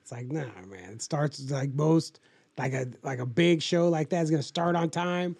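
A man's voice: on the high side, normal speed, vocal fry, a little mellow, husky. A young adult man co-hosting a podcast in casual chat, rambling and profane with lots of filler words. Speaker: podcast co-host.

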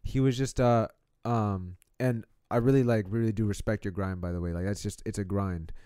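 A man hosts a live streamed podcast, chatting loosely and full of slang. His voice is mellow and warm. The sound is dry and close on the mic. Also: on the low side, normal speed, clear, resonant tone, dry recording. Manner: loose, animated, slangy, swears. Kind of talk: casual live podcast chat. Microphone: streaming microphone.

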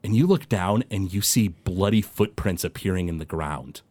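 Low-voiced male game master. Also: moderate pace. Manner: dramatic, hushed for suspense. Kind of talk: narrating a tabletop game.

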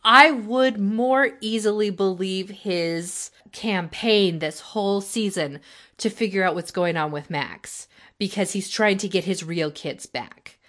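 A woman with a bright, forceful voice chats casually as a co-host. She often restarts her sentences and slips into quoted lines of dialogue. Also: medium pitch, slow pace. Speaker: podcast co-host. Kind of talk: casual chat recapping a TV show.

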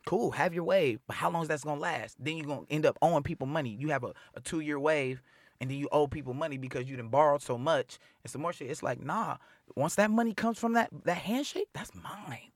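A young adult man talks in a relaxed, slang-heavy interview voice, recorded close and dry with little room sound. He tells stories with energy and jumps into other people's voices as he goes. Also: fairly high pitch, a little fast, dry recording. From Seattle area. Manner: animated storyteller who acts out quoted voices, heavy slang and profanity. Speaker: rapper, interview guest. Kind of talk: casual interview chat.

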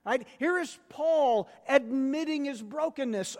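A man preaching a sermon as pastor, emphatic and building to loud peaks, with asides to the congregation. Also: very high-pitched, slow pace, few pauses, in a large hall.

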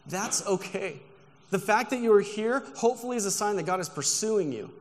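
A man's voice: high voice, expressive, moderate pace. A man preaching a sermon with earnest emphasis, telling personal stories from the pulpit. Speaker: guest pastor. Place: church sanctuary. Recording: long reverb of a large church hall.

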